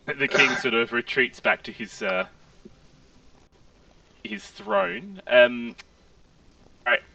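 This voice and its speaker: Gravelly high-voiced man running a game. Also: expressive, takes it slowly, pushed and bright, no echo, recorded from a distance, rough recording. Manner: loose, hesitant narration with fillers. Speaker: game master. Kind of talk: narrating a tabletop game.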